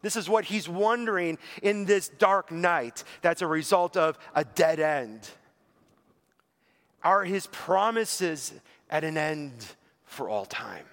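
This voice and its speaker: Slow and animated, a man preaches earnestly as if in conversation, paraphrasing a psalm aloud and leaning on "like" again and again. His voice sinks low and soft as the sermon ends.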